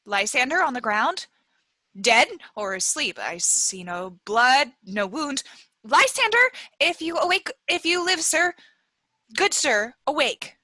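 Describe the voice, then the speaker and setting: Wounded, self-pitying young woman, read by a woman, bright and dramatic. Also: on the high side, lively intonation, slow, no echo, pitched below the performer's own voice, full character voice. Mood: plaintive.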